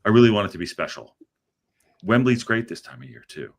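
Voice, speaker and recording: Sheepish husband, a man voicing him in a hushed, lower voice, hesitant and sweet-talking. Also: big pitch swings, a little fast. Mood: coaxing. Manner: soft, hesitant, stumbling over words.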